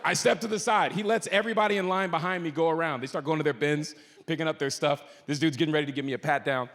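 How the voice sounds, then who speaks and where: High gravelly guy doing stand-up, super animated, hall reverb. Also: quick pace. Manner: animated, swings between low mutters and high shouted outbursts. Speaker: stand-up comedian. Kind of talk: stand-up comedy storytelling. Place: comedy stage in a large hall. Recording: live hall with reverb and faint noise.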